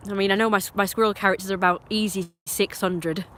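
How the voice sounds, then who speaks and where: An English live streamer rambles casually on stream, opinionated and meandering, often restarting and going off on asides. His voice is medium in pitch, steady, quick and slightly bright, with an accent from England.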